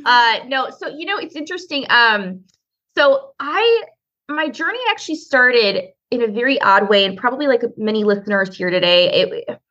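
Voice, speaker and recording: A woman's voice: a little high, animated, moderate pace, a bit bright. A woman guest in an interview, chatty and self-deprecating as she tells her story. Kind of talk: casual interview talk. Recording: dull lo-fi audio.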